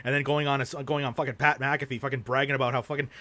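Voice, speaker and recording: A young man chats casually on a livestream while showing off his movie collection, rambling and ranting with heavy swearing. His voice is medium-pitched and level in tone, sharp-sounding, and racing along.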